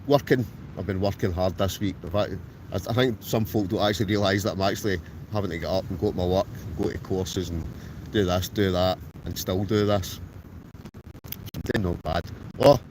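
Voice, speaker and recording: Scottish man, slightly low voice, cheery live-stream chatter over roaring gale noise and garbled audio. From Scotland. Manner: chatty and good-humoured, greeting viewers by name. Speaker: wild camper live-streaming. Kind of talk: casual live-stream chat reading viewer comments. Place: inside a tent outdoors in a storm. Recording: roaring storm wind, garbled robotic-sounding audio. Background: howling gale buffeting the tent.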